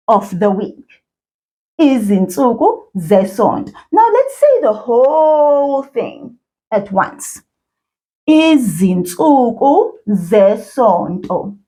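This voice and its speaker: A woman teaches children in a slow, patient cadence, her fairly high voice bouncing up and down with lots of melody. She repeats each word carefully and cheers her young learners on, with faint music underneath. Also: big pitch swings, dark tone. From South Africa. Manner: slow, encouraging, repeats words for learners to echo. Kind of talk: children's language lesson.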